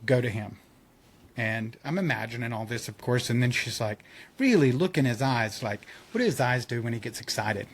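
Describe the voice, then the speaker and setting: Animated man telling a personal story. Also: medium pitch, normal speed. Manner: animated storyteller, acts out quotes, laughs often. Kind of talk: casual chat.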